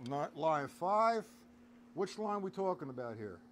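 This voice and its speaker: A man gives a live drum lesson, counting beats out loud and chatting with viewers in the stream chat while a loud drum kit plays behind his voice. He speaks slowly and very animatedly in a slightly high voice, with some slight background noise.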